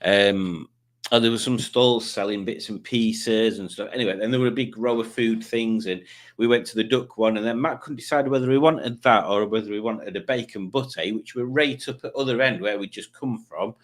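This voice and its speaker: A man's voice: fairly low pitch, moderate pace. A man hosting a livestream in casual chat, reading out viewer comments in a rambling, jokey way. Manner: rambling and jokey, with frequent ums and self-corrections. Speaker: livestream host.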